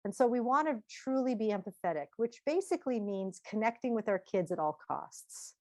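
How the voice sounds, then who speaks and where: A middle-aged woman speaking at a parenting seminar, lively, asking the audience questions and acting out quotes. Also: fairly high pitch, moderate pace, no echo, clean studio sound.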